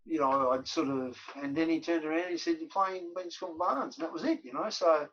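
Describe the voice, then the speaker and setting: A man's voice: fairly high pitch, quick pace. A middle-aged Australian man, a former footballer, telling long stories as a podcast guest, with many fillers and repeated words. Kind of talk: podcast interview storytelling. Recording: dull lo-fi audio.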